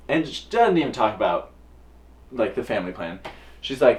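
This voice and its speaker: A young man and drag performer telling a personal story to camera in a casual, animated way, acting out the voices of others with big jumps in pitch. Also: a little fast, pauses often. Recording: voice a little distant from the mic.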